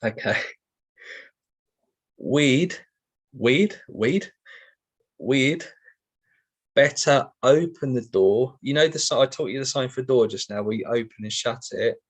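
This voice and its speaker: A man's voice: medium pitch, expressive, takes it slowly, long pauses. A middle-aged man teaching sign language in an online session, explaining each step patiently with many ums and okays.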